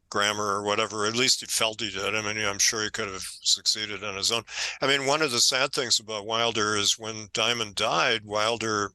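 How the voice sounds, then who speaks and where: An older man speaking as an interview guest, his voice low-pitched but very bright and forceful. He tells his stories in an animated, emphatic way. The sound is dry and close. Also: dry recording, rough recording. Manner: animated storytelling, emphatic when indignant. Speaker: author guest. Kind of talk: conversational interview.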